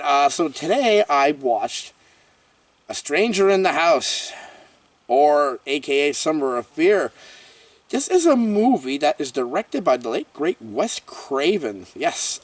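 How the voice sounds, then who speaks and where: A man reviews a horror movie in a casual vlog, rambling excitedly with lots of exclamations and fillers. His voice sits a little high and swings widely in pitch. The sound is dry, picked up from a little distance off the mic. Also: no echo.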